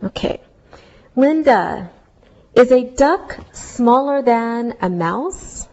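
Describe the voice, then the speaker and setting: Slow, deliberate woman teaching English. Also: a little high, expressive, a little mellow, muffled recording. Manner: slow, clearly spelled-out teaching delivery. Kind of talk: scripted English lesson.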